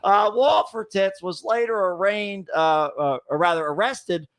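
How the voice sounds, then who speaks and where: High-voiced man co-hosting a podcast. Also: measured pace, a bit bright. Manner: reads news stories aloud, swearing and joking. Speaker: podcast co-host. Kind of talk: casual comedic chat.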